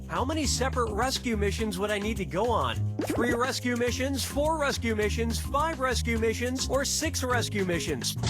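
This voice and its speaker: A man playing a wisecracking game show host in a trivia video game, reading questions with quick, sarcastic patter. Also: extremely high pitch. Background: loud game music.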